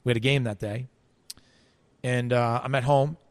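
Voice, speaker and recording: A man's voice: mid-range voice, fairly even intonation, moderate pace, no echo. A man telling a story in an interview, acting out quoted voices, with frequent restarts. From United States. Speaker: interview guest.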